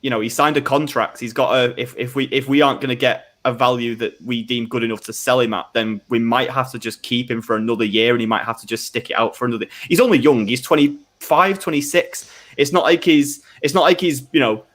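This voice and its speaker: A man's voice: mid-range voice, brisk, a bit bright. A man talking football as a fan on a live stream, rambling with many restarts and fillers.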